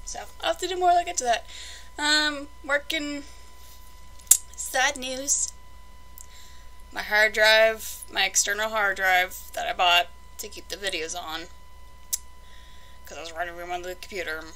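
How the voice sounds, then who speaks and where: A woman's voice: medium pitch, fairly even intonation, measured pace, pauses often, sharp tone, slight background noise, rough recording. A young woman chatting casually through a toy unboxing, rambling and exasperated in her asides.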